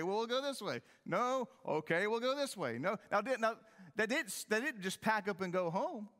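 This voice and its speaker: A man's voice: fairly bright tone, long reverb tail. A man preaching a sermon as pastor, with emphatic delivery that rises and falls. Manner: emphatic preaching, rising and falling in pitch.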